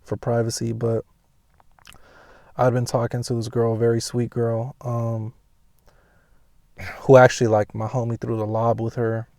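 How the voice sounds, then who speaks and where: A young man telling a personal story casually, swearing heavily and rambling with restarts, and getting loud and high when he reenacts scenes. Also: completely flat delivery, measured pace, gravelly, long pauses, no room sound, clean studio sound. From Pasadena, California. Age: young adult.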